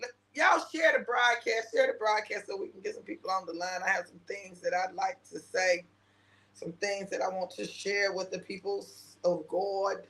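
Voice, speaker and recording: A woman's voice: medium pitch, moderate pace, a bit bright. A woman hosting a casual livestream, chatty and emotional, greeting viewers by name. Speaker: prophetic minister hosting a livestream.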